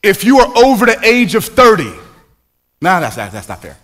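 A man's voice: sits high, wildly swooping pitch, normal speed, a bit bright. A man in his forties preaching a sermon in a conversational way, full of rhetorical questions and playful asides. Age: 40s. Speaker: pastor.

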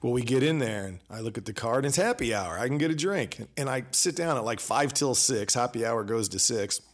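A man hosting a podcast, telling a personal story in a casual, animated way and acting out both sides of the exchanges. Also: mid-range voice, brisk. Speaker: podcast host.

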